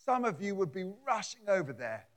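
A man's voice: sits high, sing-song, a little fast. A man preaching a conversational sermon in a church, often repeating words and adding asides. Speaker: pastor.

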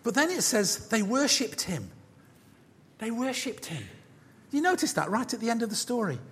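Man, pastor preaching, bright, animated delivery with acted-out voices, long reverb in a church. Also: very high voice, normal speed, slight background noise. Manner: animated, acts out voices, jokey asides. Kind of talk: sermon.

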